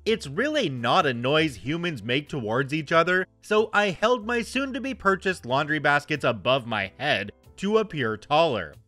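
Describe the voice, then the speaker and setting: A man's voice: a little high, big pitch swings, moderate pace, few pauses, bright, forceful tone, no echo, faint music behind. A man in his thirties reading online stories aloud and commenting with wry, joking asides. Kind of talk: casual story narration and commentary.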